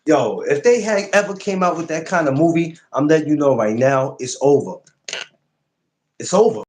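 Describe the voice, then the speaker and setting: A man hosting a live podcast stream, chatting casually and animatedly, swearing freely and jumping up high when he mocks something. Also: moderate pace, darkish tone.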